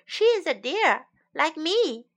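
Mocking male deer played by a woman, children's story, teasing tone, lively. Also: high-pitched, slow pace, pitched above the performer's own voice, full character voice. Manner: teasing, shouting.

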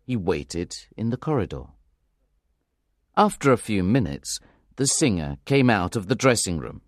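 A man narrating a graded-reader storybook with clear, careful delivery. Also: lowish voice, sing-song, measured pace, no room sound, studio quality. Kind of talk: audiobook reading of a graded reader.

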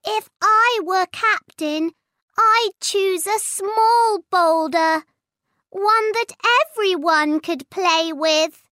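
Storybook role: woman voicing tiny eager boy dinosaur, very high and bright, squeaky and earnest, drawn-out lines. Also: no echo, clean studio sound, heavily acted. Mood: indignant.

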